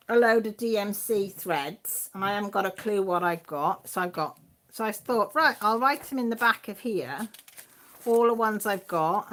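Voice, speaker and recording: A woman's voice: mid-range voice, fairly bright tone. A middle-aged woman with a Radnorshire Welsh accent, hosting a casual livestream, chatting in a rambling, self-deprecating way and reading out viewers' comments. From Wales, Radnorshire. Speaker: livestream host.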